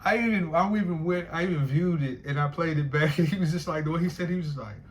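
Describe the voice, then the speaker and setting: A man's voice: a little high, quick pace, a little hiss or hum. A man talking in a loose, rambling monologue, swearing often and laughing between repeated phrases. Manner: profane, repetitive, laughing asides.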